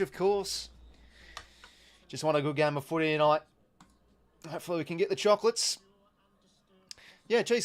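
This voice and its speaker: Chatty Australian man commentating footy live. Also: on the high side. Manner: chatty, reads out viewer comments, filler-heavy. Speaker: live watch-along host. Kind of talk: casual live game commentary.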